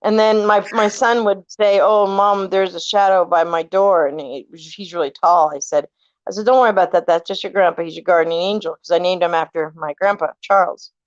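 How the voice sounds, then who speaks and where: A woman's voice: on the low side, fairly quick, no echo. Woman in her 40s, chatty storyteller who voices every quote, dry close sound, dull lo-fi recording. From California. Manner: animated, acts out quoted voices, swears casually. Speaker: family member telling ghost stories. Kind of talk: casual storytelling chat.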